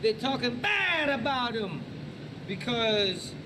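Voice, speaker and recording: A man's voice: very high voice, big pitch swings, takes it slowly. An American man talking boastfully and ramblingly to camera in a vlog. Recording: distant mic, loud traffic noise.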